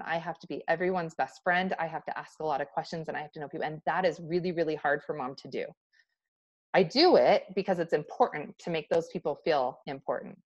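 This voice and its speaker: A woman's voice: fairly low pitch, highs cut off. A woman in her thirties hosting a livestream, talking candidly and casually to her viewers with many restarts. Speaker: host of a livestream talk. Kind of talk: casual talk to a live audience.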